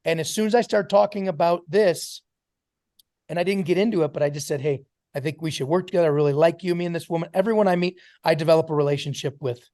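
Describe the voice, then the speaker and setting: Man, high voice, emphatic motivational speaker, repeats key points, video call, dry sound. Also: steady tone, quick pace, mellow, no room sound. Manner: emphatic, repetitive, addresses listeners by name. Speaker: motivational speaker to a sales team.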